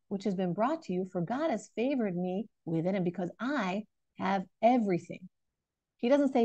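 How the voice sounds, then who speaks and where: A woman's voice: fairly high pitch, normal speed, no room sound, muffled recording. A woman in her thirties giving an online Torah lesson, asking questions and restarting her sentences as she thinks aloud. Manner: animated, questioning, many fillers and restarts. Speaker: Torah teacher.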